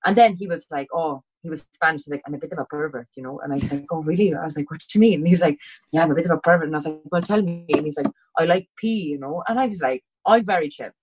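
A woman's voice: low-pitched, rapid-fire, darkish tone, slight background noise, rough recording. A woman with a Cork Irish accent, a podcast guest animatedly telling a story in casual chat, swearing freely and acting out both sides of the dialogue.

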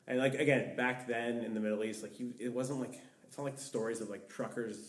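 A man's voice: mid-range voice, steady tone, brisk. A young man, a podcast guest, telling a long story in a rambling way, full of "like". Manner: rambling, heavy use of "like". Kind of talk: storytelling in casual conversation. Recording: echoey room, distant mic.

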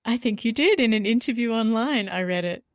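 A woman's voice: fairly high pitch, expressive, brisk, no echo, studio quality. A woman hosting a podcast interview who asks playful, teasing questions. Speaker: podcast host.

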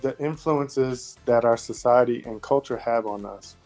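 A man's voice: medium pitch, unhurried, darkish tone, faint music behind. A man speaking as a guest on a podcast, talking loosely in casual conversation with lots of "you know" and "like". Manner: rambling, many "you know" and "like" fillers.

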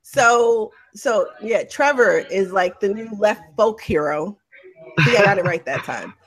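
A woman hosting a casual talk show, excitable and self-mocking, laughing as she chats. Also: mid-range voice, measured pace, rough recording. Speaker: host. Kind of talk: casual chat.

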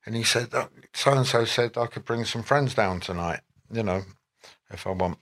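Man, low and bright, spinning loose anecdotes as a guest. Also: normal speed. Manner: rambling, animated anecdotes with quoted voices. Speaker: interview guest. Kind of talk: anecdotal storytelling.

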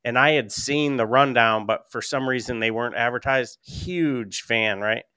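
Smooth-voiced man telling rambling stories. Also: medium pitch, moderate pace, bright, forceful tone, no room sound. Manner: rambling storyteller with frequent fillers. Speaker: podcast guest. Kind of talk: casual chat.

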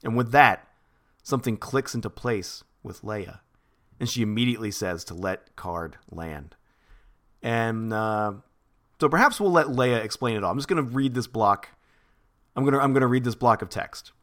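A man's voice: medium pitch, animated, moderate pace, pauses often, a bit bright. A man co-hosting a podcast, recapping chapters in a rambling, laughing chat. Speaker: podcast co-host.

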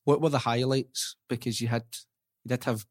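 A young Scottish man hosts a podcast in a casual chat. His voice sits at a middle pitch. He tells stories in a lively, animated way and moves along quickly. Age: young adult. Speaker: podcast host.

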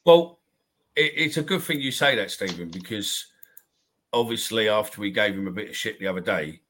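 Bright, blunt man. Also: on the low side, animated, normal speed, slight background noise. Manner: blunt, sweary, chatty. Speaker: podcast host. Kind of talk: casual football chat.

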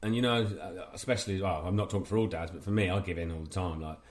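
A man's voice: low voice, fast, reverberant. A man and father co-hosting a casual chat, bantering and swearing casually. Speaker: podcast co-host.

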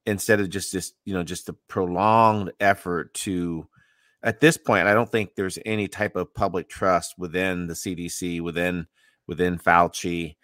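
Man, very deep voice, halting, repeats words, dry close sound. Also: steady tone, fairly bright tone, no room sound. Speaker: podcast co-host. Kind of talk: casual podcast chat.

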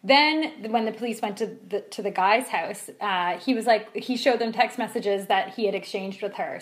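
A woman co-hosting a casual discussion podcast, talking in an animated, indignant way with many fillers. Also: a little high, moderate pace. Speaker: podcast co-host.

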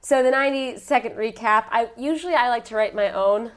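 A woman's voice: on the high side, fairly quick. A woman co-hosting a casual movie review podcast, blunt and sweary, often laughing. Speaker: podcast co-host.

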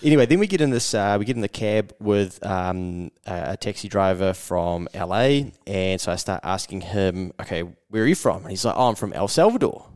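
A New Zealand man in casual podcast talk, retelling his travels and doing quick voices for the people he met. His voice sits a little low. The sound is dry and close, with no room echo. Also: animated, darkish tone, clean tone. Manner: storytelling, acting out quotes, frequent mate and fillers. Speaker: podcast host. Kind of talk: casual chat.

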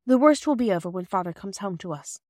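A woman's voice: animated, fast talker, no echo, studio quality, lightly acted. A tired, tender mother, as a woman reader voices her. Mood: tender, weary. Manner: soft, tender, low-key. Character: weary, loving mother, soft-spoken.

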